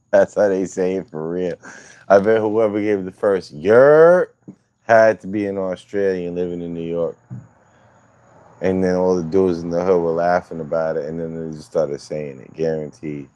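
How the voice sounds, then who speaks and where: A man's voice: low voice, little pitch movement, normal speed, dark tone. A man hosting a livestream, chatting casually with viewers in loose, profane, rambling banter. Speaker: livestream host.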